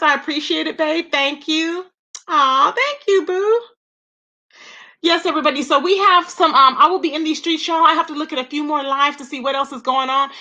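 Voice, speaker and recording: A woman hosting a livestream, chatting casually with viewers, gossipy and animated, thanking them by name and laughing often. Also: high voice. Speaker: livestream host.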